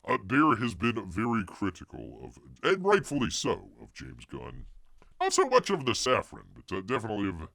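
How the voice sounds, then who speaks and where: Male host, low gravelly voice, lively pitch, rambling jokey delivery, dry close sound. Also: normal speed, dry recording. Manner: rambling, jokey, refers to himself as Bear in third person. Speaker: livestream host. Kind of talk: casual news chat reading out chat.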